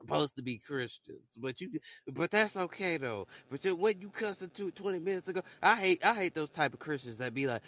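A man talks in a loose, profane rant, his voice bright and fairly high for a man. He stumbles and repeats words as he goes. It sounds like a solo recording made as a voice message. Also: expressive, a little fast. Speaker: podcaster. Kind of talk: casual monologue rant.

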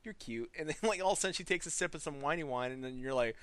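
Young male gamer with a high voice, profane and sarcastic, recapping a story to friends, recorded dry. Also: racing, fairly bright tone, dry recording. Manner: crude, laughing, sarcastic, full of swearing. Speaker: gamer recapping a game's story for his guild. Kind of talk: casual profane rant.

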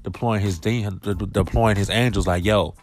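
A man's voice: lowish voice, steady tone, normal speed, darkish tone, faint music behind. A man comedian riffing through loose, rambling slangy jokes in a monologue vlog.

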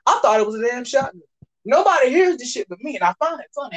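Animated young man telling a profane story. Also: very high-pitched, fast talker, rough recording. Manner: animated, profane slang, mimics other people's voices. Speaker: podcast storyteller. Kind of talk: casual storytelling chat.

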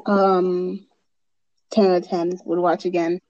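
A woman's voice: lowish voice, little pitch movement, slow, a little mellow. A teenage girl in casual chat with a friend, giggly and trailing off mid-sentence. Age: teens. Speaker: co-host friend. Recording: dull lo-fi sound.

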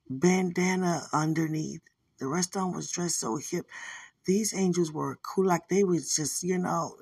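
A woman podcaster telling a spiritual dream in a relaxed, rambling way, with many "you know"s. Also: low voice, slightly rough, no echo, distant mic. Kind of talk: casual spiritual testimony.

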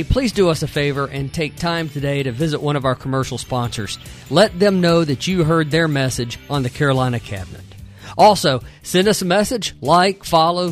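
A man hosting a radio talk show, polite and unhurried, with many fillers. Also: a little high.

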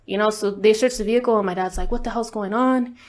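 In a medium-pitched, slightly mellow voice with fairly even intonation, a woman tells a personal story at a fast clip during an interview. She's casual and candid, swearing a lot and relying on fillers.

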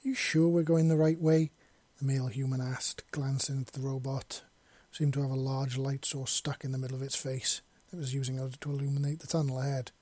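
Husky man reading his fan fiction. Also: medium pitch, completely flat delivery, brisk, darkish tone. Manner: casual, sweary storytelling. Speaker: narrator, podcast author.

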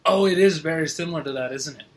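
A man co-hosting a podcast in casual chat, laughing often and chiming in with quick agreement. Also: a little high. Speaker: podcast co-host.

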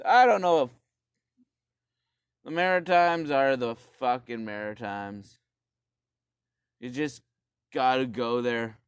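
A man's voice: mid-range voice, smooth, dry recording, studio quality. A man, ranting casually in a rambling, profane way full of fillers and restarts. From Canada. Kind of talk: casual rant.

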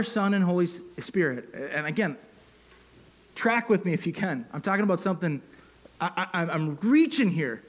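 A man preaching a sermon, earnest and unscripted, with fillers and rising emphatic peaks. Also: fairly high pitch. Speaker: pastor.

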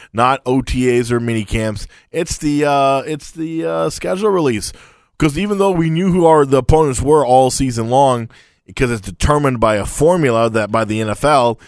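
A man's voice: mid-range voice, no room sound, studio quality. A young man hosting a sports podcast, teasing his co-host and stretching out his lead-ins. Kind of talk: casual sports talk.

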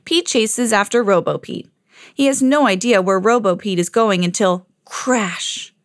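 A woman hosting a children's podcast, reading a picture book aloud in a clear storytelling voice. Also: mid-range voice, unhurried, dry recording, clean studio sound.

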